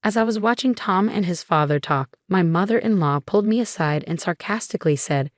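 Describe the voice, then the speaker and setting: A woman giving steady, scripted first-person narration of a family drama story. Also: lowish voice, brisk, hardly any pauses, dry recording, studio quality.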